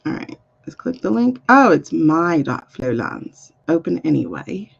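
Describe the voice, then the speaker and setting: A woman's voice: sits low, sing-song, unhurried, vocal fry, slightly rough, lo-fi sound. A woman reading cards on a live stream, chatting casually and muttering to herself while she sorts out links. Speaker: live card reader. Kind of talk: casual livestream chat.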